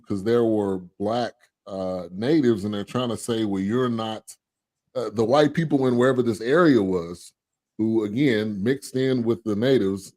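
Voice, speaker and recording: A man co-hosting a movie review podcast, speaking in a relaxed, hesitant way with restarts. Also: on the low side. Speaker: podcast co-host. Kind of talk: casual movie review chat.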